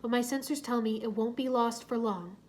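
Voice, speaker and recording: A calm male robot ninja speaks in formal, literal phrases, as a woman reads his part. He stays even and precise throughout. It is a storybook read aloud. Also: fairly high pitch, brisk, a little hiss or hum, natural voice. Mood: matter-of-fact.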